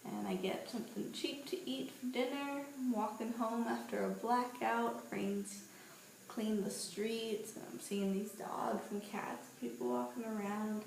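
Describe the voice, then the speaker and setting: A woman's voice: fairly high pitch, measured pace, gravelly. A woman in her twenties telling stories in a casual, playful vlog, walking outdoors and holding her camera. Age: 20s. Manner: chatty, animated, playful storytelling. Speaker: vlogger. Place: outdoors on a street at night. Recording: roomy echo with faint ambient noise.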